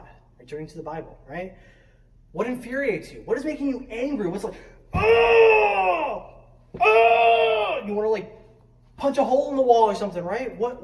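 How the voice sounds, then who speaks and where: A medium-pitched, warm voice belongs to a student ministry leader preaching a conversational youth sermon in a church sanctuary. Many questions and a habitual "right?" fill the talk, which a distant mic captures roomily with faint noise.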